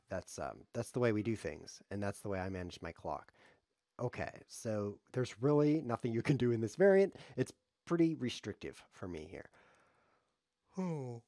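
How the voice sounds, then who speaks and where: A man's voice: lowish voice, very animated, normal speed, mellow, dry recording, studio quality. A man giving rambling, jokey live commentary on his own chess game, thinking aloud as he streams.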